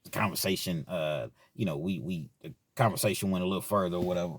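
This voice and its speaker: A man's voice: sits low, quick pace. A man telling a personal story in casual, slangy talk as a vlog host. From Kentucky, US.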